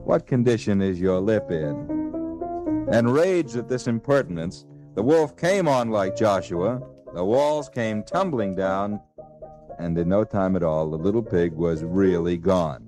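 Male storyteller, deadpan hipster jazz slang, lively pitch, music underneath. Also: measured pace. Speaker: narrator. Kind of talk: comic storytelling record.

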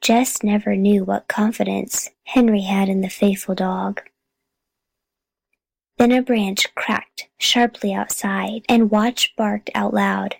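A woman narrating a children's chapter book in a calm, steady reading voice. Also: medium pitch, takes it slowly, creaky, no room sound, poor audio. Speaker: audiobook reader. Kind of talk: storybook narration.

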